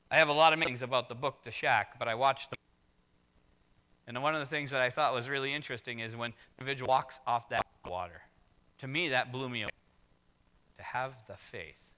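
A man preaching a sermon as pastor, swinging from hushed words to loud exclamations. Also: mid-range voice, fast talker. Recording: long hall reverb.

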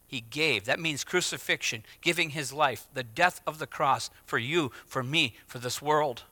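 A middle-aged man preaching a sermon, swinging from hushed, intimate phrases to loud, emphatic declarations. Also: mid-range voice, measured pace, few pauses, dry recording. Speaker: pastor.

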